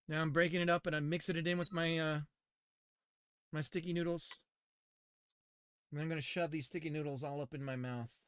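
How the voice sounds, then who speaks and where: A man's voice: a little high, a bit bright, clear, resonant tone, dry recording. A man chatting casually and playfully to his live-stream audience, rambling as he goes. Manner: rambling and playful, talking to chat while eating.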